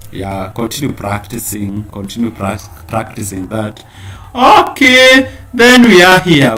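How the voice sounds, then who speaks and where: A male teacher leading a live-streamed language lesson at an unhurried, deliberate pace. He draws out each new word and says it again and again so students can follow. His voice sits at a middling pitch for a man. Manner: slow, repeats words for learners to echo; drawls out target words louder and higher.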